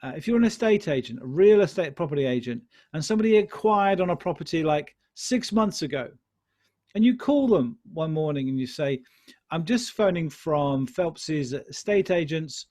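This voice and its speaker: A man's voice: fairly high pitch, sing-song, a little fast, darkish tone. A man teaching sales in a live question-and-answer session, encouraging and repeating his key phrases. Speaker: sales trainer. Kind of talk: live online Q&A lesson.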